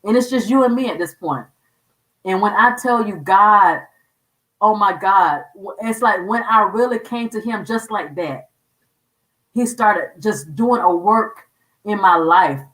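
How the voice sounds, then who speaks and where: A woman's voice: mid-range voice, unhurried, a bit bright, reverberant, far from the mic, rough recording. A woman hosting a show, sharing her faith testimony in an earnest, emotional way and repeating words when moved. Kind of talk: personal testimony talk.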